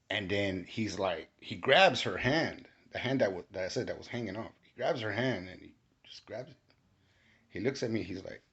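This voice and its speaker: A man giving a casual testimony, animated and rising to shouts when he quotes himself. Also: lowish voice, normal speed, creaky. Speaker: storyteller recounting a spiritual experience. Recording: dull lo-fi recording.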